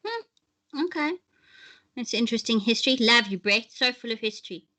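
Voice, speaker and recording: Chatty South African woman, bright voice. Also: a little high, expressive, normal speed. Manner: chatty, laughs often. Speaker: host. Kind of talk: casual livestream chat. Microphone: webcam close to the face.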